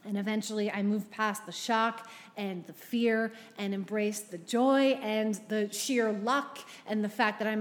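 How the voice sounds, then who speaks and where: A Canadian woman in her thirties telling a funny personal story on stage, animated and self-mocking, with quick comic asides. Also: on the high side, in a large hall. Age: 30s. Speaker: storyteller at a live event.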